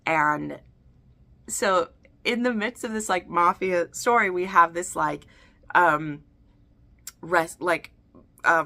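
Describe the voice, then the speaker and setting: A woman chatting through a book recap, her lowish voice carrying a gravelly fry. Her tone is bright and forward, and she rambles along with lots of "like" and side comments. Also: takes it slowly, long pauses. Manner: rambling, full of "like" and asides. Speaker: book reviewer. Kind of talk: casual book recap chat.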